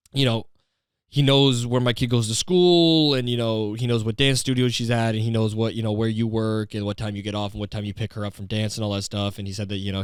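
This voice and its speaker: A man's voice: lowish voice, clean tone, no echo, clean studio sound, natural voice. A man playing a broke, sleazy gambling husband who pleads for money and turns insulting. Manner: wheedling, rambling, switches to insults.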